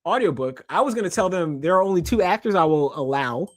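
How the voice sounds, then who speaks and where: A middle-aged man from Canada, a podcast guest and author, talking in an animated, emphatic way. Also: high voice, fast talker, no room sound, clean studio sound. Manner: animated, emphatic storytelling with laughs. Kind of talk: casual podcast conversation.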